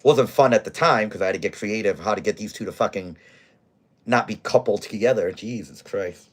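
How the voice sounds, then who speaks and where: Blunt, profane bar manager, low voice. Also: male voice, fairly quick. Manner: profane, blunt, animated storyteller. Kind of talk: casual storytelling on a livestream. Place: bar in Scranton, Pennsylvania.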